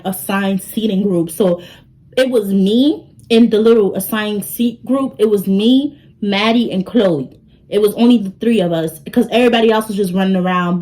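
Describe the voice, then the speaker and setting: A young woman telling a story to her vlog audience in an animated way. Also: medium pitch, poor audio. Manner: animated, talks straight to the audience. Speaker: vlogger.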